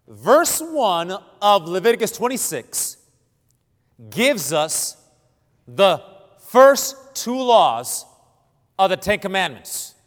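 A man from Cuba preaching a sermon, stammering through restarts and self-deprecating humor, then reading scripture loudly and emphatically. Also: high-pitched. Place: church sanctuary. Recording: long hall reverb.

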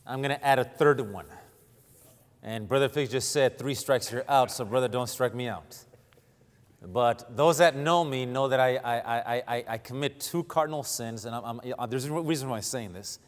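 A man from Cuba preaching a sermon, stammering through restarts and self-deprecating humor, then reading scripture loudly and emphatically. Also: mid-range voice, moderate pace. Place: church sanctuary. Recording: long hall reverb.

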